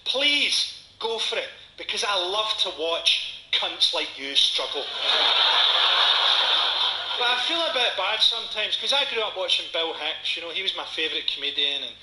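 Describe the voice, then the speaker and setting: A Scottish man in his forties performs stand-up in a roomy venue, his voice pitched fairly high for a man. He delivers dark punchlines in a dry, sardonic way. An audience is clearly heard around him. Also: animated, moderate pace. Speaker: stand-up comedian. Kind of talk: stand-up comedy set. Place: comedy venue before a live audience. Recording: echoey venue with audience noise.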